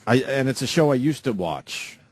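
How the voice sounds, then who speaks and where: A male radio host chats loosely with his crew in the studio. His voice sits in a middling register, and he talks in a relaxed, offhand way. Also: medium pitch, normal speed, no echo. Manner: loose, chatty. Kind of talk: casual studio banter.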